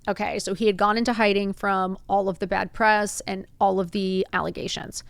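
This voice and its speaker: A woman hosting a podcast, telling a personal story in a casual, animated way, acting out quotes and saying "like" a lot. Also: medium pitch, moderate pace, gravelly, clean tone, no echo. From Miami. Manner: animated, acts out quotes, says "like" often. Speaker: podcast host.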